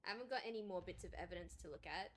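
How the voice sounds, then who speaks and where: A woman's voice: fairly low pitch, rapid-fire, fairly bright tone, a little hiss or hum. A woman streamer chatting to her viewers while playing a video game, giving casual commentary.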